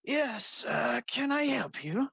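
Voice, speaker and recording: A game master voicing a distracted elderly male wizard librarian who talks high and whispery under his breath. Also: big pitch swings, slow pace, vocal fry, bright, forceful tone, breathy edge, dry recording, exaggerated voice, poor audio. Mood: muttering. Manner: muttering, whispery.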